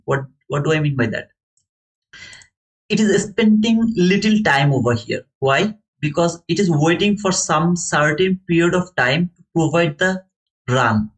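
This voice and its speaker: A man streaming live to viewers, thinking aloud in halting, repetitive phrases as he explains a trade. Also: a little high, fairly bright tone, rough recording. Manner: talks to chat viewers by name. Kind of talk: live market commentary to viewers.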